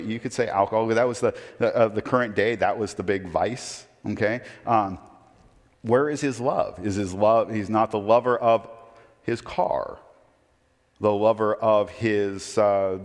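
Middle-aged man, pastor, conversational sermon full of rhetorical questions, reverberant church hall sound. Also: mid-range voice. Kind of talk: expository sermon.

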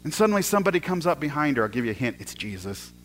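Male pastor, fairly high voice, storytelling sermon, builds excitement then drops to a hush. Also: racing, a little hiss or hum. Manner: storytelling, swings from loud excitement to hushed asides, repeats words.

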